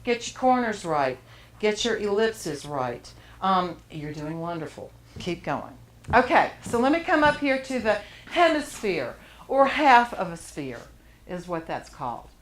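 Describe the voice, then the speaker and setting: Speaking a little slowly, with a medium pitch and big pitch swings, a woman art teacher runs a live charcoal drawing class. She works while encouraging the students and often breaks into laughter.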